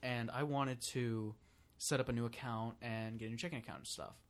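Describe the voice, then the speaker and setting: Young male co-host, mid-pitched, blunt casual talker. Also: steady tone, brisk. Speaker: podcast co-host. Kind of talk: casual chat.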